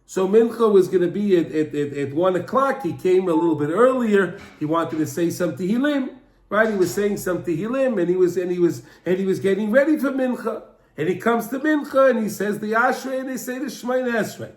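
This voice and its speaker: A man with a high voice gives a Torah class in an echoey room. He tells the story with animation, often repeating and restarting his phrases. The room's reverb hangs around his words. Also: animated, fairly quick. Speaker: Torah teacher.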